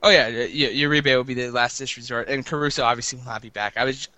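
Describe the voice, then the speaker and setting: A man talks sports at a fast clip on a show he co-hosts, his tone bright and forward. He rambles, teases and trips over his words as he restarts sentences. The sound is dry and close. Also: medium pitch, steady tone, no echo. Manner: rambling, stammering restarts, teasing. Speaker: podcast co-host. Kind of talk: casual sports talk.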